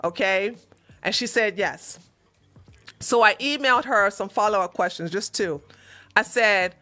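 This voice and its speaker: A woman's voice: mid-range voice, measured pace, pushed and bright, faint music behind. A woman hosting a relationship advice livestream, reading out a viewer's question and answering bluntly with sassy, mocking remarks.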